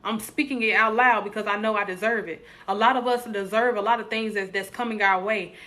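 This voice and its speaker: A woman's voice: mid-range voice, fairly even intonation, brisk, sharp tone. A young adult woman, hosting a casual live stream, joking with viewers and preaching encouragement.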